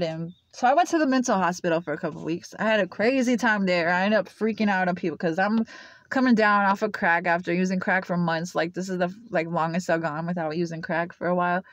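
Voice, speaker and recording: A woman's voice: on the low side, no room sound. A young woman telling her own story to camera in a loose, rambling way, full of "like" and "uh". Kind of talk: casual personal storytelling to camera. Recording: dull lo-fi, dry sound.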